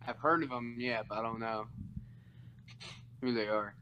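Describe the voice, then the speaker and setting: An easygoing man guests on a casual podcast. He answers in short, relaxed replies, with a plain voice at a medium pitch. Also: normal speed, muffled recording, a little hiss or hum. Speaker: band member guest.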